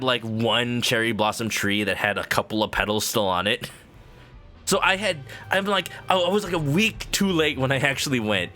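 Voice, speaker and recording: A man's voice: medium pitch, bright, forceful tone. A man chatting casually with viewers while playing a game on stream, rambling with lots of "like" fillers.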